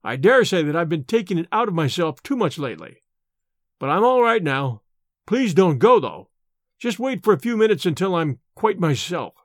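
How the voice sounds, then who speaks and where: A man's voice: sits high, sing-song, normal speed, no room sound, studio quality. A man doing an uneasy, overwrought young scholar. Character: shaken young male scholar, hysterical then forced calm.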